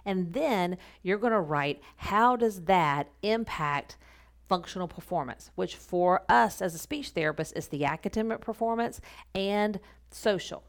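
A woman's voice: fairly low pitch, expressive, a little slow. A woman speech therapist explaining clinical paperwork in a casual, instructional podcast talk, repeating her key points.

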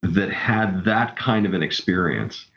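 Low voiced guy chatting eagerly about his camp, kinda muffled audio. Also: unhurried. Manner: enthusiastic storyteller. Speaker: camp director guest. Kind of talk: casual interview talk.

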